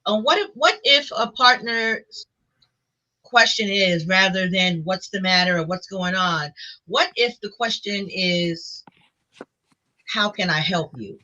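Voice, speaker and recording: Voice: mid-range voice, slow pace, sharp tone. A host asking thoughtful questions and affirming the guests often. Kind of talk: hosting a discussion. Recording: dull lo-fi audio.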